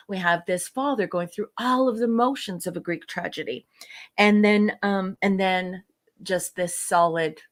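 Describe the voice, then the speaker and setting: A woman's voice: mid-range voice, measured pace. A woman co-hosting a casual podcast, reviewing a TV episode in a gushing, rambling way with many fillers.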